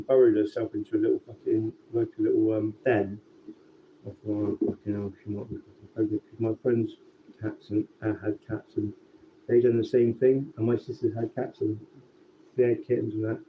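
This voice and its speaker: A man's voice: mid-range voice, a little fast. Guy rambling and swearing, tinny phone sound, bit of hiss. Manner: sweary, relaxed, rambling with restarts. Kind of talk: casual rambling storytelling. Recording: tinny phone-like sound with faint background noise.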